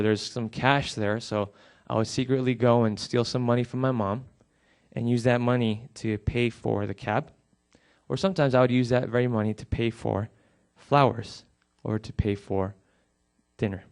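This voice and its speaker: A middle-aged male pastor delivers a sermon in a mid-range voice. He tells a personal story, then pleads earnestly with his congregation. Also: mid-range voice.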